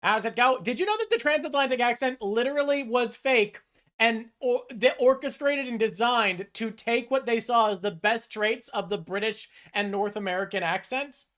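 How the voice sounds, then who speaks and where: A woman's voice: on the high side, normal speed, a bit bright. A woman hosting a stream, chatting casually, opinionated and rambling as she ranks things. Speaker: streamer host. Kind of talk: casual chat ranking topics.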